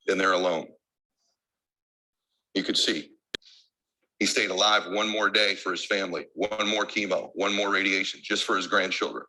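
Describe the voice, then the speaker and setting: A man's voice: low voice, bright, forceful tone, rough recording. A man giving an emotional keynote speech as a motivational speaker, emphatic and driven by insistent repetition.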